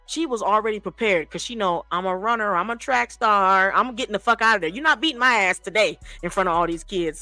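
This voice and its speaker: A woman spins a long comic story in loose, profane chat. Her voice sits at an ordinary middle pitch and stays lively as she acts out the people in it. The room is dry, and soft music plays underneath. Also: no echo.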